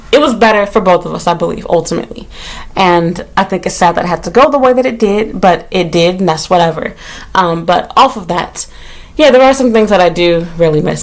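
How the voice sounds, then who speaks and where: A woman talking casually to her vlog audience from her small apartment, rambling with lots of "like" and cursing freely. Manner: animated, rambling, heavy use of "like", swears freely; shrieks and jumps high when retelling her panic. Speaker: vlogger.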